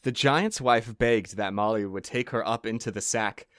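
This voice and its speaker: A man with a bright, sharp voice reads an old folk tale aloud on a comedy podcast. He breaks off for jokes and chatty asides. The sound is close and dry. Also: on the low side, normal speed, no echo. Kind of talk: comic storytelling podcast.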